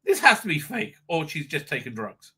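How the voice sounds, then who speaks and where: A man hosting a casual live-stream rant, his voice pitched high and very bright and cutting. He swears constantly and mocks what he hears, now and then jumping into loud shouts. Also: wildly swooping pitch, moderate pace, breathy edge. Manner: profane, mocking, jumps into sudden shouts. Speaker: livestream commentary host.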